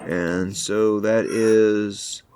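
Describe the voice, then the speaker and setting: A man narrating as game master of a tabletop fantasy game in a measured, deliberate way. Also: lowish voice, fairly even intonation, heavy background noise.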